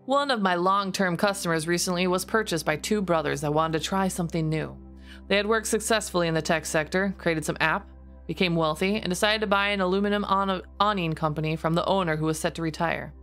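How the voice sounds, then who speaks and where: A woman streamer reading posts aloud in a deliberately lower, steady voice. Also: soft background music. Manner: reads in a lower, steadier voice, laughs often.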